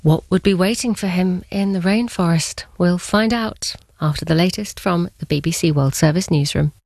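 A woman presenting a radio programme, reading a scripted narration with clear storytelling delivery. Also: on the low side, normal speed, darkish tone, no echo, studio quality.

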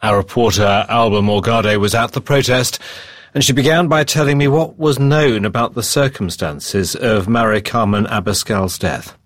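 A man hosting a news program, introducing stories and reports in a clear, formal way. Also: fairly low pitch, moderate pace, a bit bright, slight background noise. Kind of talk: scripted news presenting. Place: studio.

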